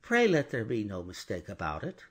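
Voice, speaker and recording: A man voicing a fussy, mild older male bank clerk in an audiobook, hesitant and precise, with a husky voice. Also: lowish voice, huge pitch swings, moderate pace, full character voice. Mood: earnest.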